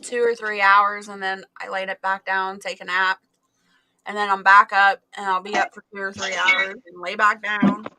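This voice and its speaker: A woman co-hosts a relaxed livestream, chatting easily, laughing often and reading viewer comments aloud. Her voice is bright and forward, and a faint hiss runs underneath. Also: mid-range voice, moderate pace, poor audio. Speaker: livestream co-host reading chat. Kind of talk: casual livestream chat.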